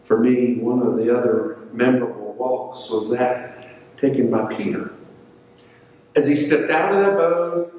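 A man's voice: mid-range voice, unhurried, darkish tone. A male pastor preaching a sermon, telling stories and acting out the voices in them. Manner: storytelling, acts out quoted voices. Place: church sanctuary. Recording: echoey church hall, mic at a distance.

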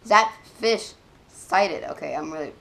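Excitable woman with lively swings in pitch. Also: measured pace, creaky. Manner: excitable, exclaims often, swings between loud outbursts and quiet mutters. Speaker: gaming channel host. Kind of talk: let's play commentary.

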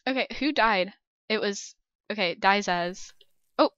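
High, bright-voiced nervous young woman. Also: normal speed, no echo, muffled recording. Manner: nervous, talks to herself and viewers. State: shaky. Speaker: gaming channel host. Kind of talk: let's-play commentary.

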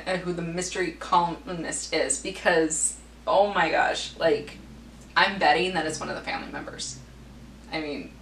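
A woman chatting enthusiastically through a book review vlog, with lots of fillers and quick self-corrections. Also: lowish voice, a bit bright. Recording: roomy echo, distant mic, faint hum.

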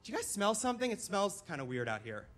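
A man playing a panicking middle-aged father who yells frantic orders. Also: high voice, very animated, fast talker, pitched above the performer's own voice. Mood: fussy. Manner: yelling frantic commands.

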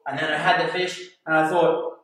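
A man's voice: a little high, normal speed. A man, a kindergarten teacher telling a story to young children and acting out gasps and voices. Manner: animated, acts out voices and gasps. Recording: echoey room from far off.

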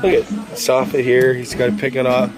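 A man's voice: mid-range voice, completely flat delivery, a little fast. A man filming a casual vlog, brash and teasing, swearing constantly. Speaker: work crew boss filming a vlog. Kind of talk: profane casual chat. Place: outdoors at a work site and in a car. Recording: loud outdoor and traffic noise.

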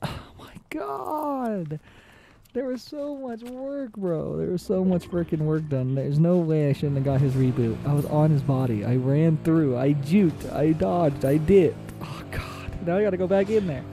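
A man giving excitable, casual commentary on his own gameplay, repeating short phrases and shouting in tense moments. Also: on the high side, moderate pace, few pauses, over music. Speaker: gaming channel host.

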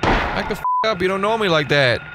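A man in his thirties from Northern Ireland commentates a horror game stream in a brisk, high-pitched voice. It's excitable let's-play commentary, with him yelling, swearing and putting on joke voices.

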